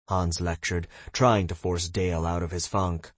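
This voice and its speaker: A man narrating an audiobook in a measured, even way. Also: sits low, no room sound. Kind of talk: scripted narration.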